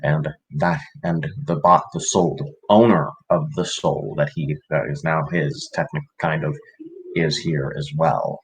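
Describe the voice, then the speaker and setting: A man recapping the last session of a tabletop game, halting and full of restarts. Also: very deep voice, creaky, slightly rough, rough recording. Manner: halting, many fillers and restarts. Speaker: player.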